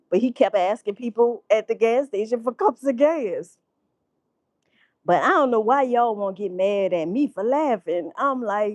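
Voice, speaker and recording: A woman vlogger, telling a story in profane, animated casual commentary and laughing often. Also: a little high, normal speed, no room sound.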